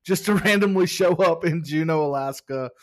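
A man's voice: fairly high pitch, moderate pace. A man co-hosting a casual podcast, playful and joking as he reads reviews. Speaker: podcast co-host.

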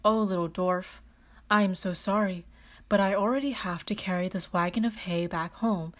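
A soft-spoken ox turns down a plea with a gentle apology, voiced by a woman reading a storybook aloud. The voice stays close to her own. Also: medium pitch, normal speed, close to an everyday voice. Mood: apologetic. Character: kindly busy ox, apologetic.

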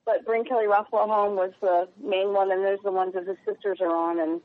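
A woman journalist speaking earnestly and emotionally as a guest in a radio interview, halting now and then. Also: mid-range voice, little pitch movement, no echo. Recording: tinny phone line.

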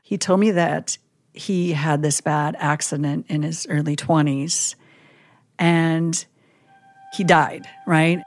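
A woman chaplain telling a vivid story in a casual podcast chat, animated and full of "like" and "you know". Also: deep voice, takes it slowly, faint music behind.

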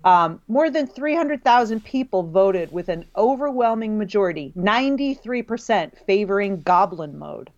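A woman's voice: medium pitch, expressive, moderate pace, few pauses. Woman co-host, chatty, laughs a lot, lots of fillers, slightly muffled lo-fi sound. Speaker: podcast co-host and college writing teacher. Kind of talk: casual conversation.

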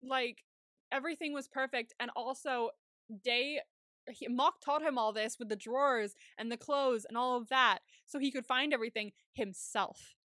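Young woman, high voice, bright, excitable, swears and laughs a lot, casual podcast chat. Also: moderate pace, no echo, studio quality. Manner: animated, swearing, laughing often. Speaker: podcast co-host.

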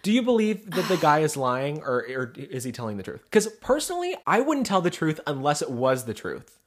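Animated male gossip podcast co-host. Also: on the high side, a little fast. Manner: chatty, hesitant restarts. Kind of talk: casual celebrity gossip chat.

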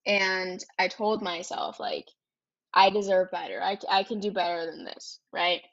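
A woman's voice: on the low side, steady tone, moderate pace, vocal fry, a bit bright, muffled recording. A young woman in her twenties hosting a podcast, telling a personal story in a candid, chatty way, swearing freely and tagging her sentences with "like" and "right?". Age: 20s. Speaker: podcast host.

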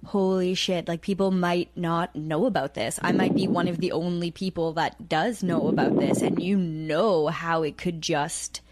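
Female host, low pitch, eager run-on questions, loud noise on the track. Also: fairly even intonation. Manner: enthusiastic, fast run-on questions, casual swearing. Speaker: podcast host. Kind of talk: casual interview chat.

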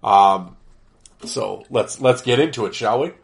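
Allergies leave this man's voice nasal and congested as he hosts a casual solo podcast, wandering through his thoughts with frequent fillers and false starts. He speaks a bit slowly, with a gravelly, medium-pitched voice.

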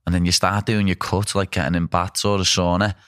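Very deep-voiced young man, blunt rambling chat, dry close sound. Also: flat delivery, fairly quick, a bit bright, dry recording. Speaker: pro fighter. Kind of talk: casual chat.

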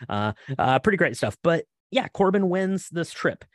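A man's voice: on the high side, big pitch swings, moderate pace, no room sound. A man casually recapping a movie as a podcast co-host, rambling with lots of fillers.

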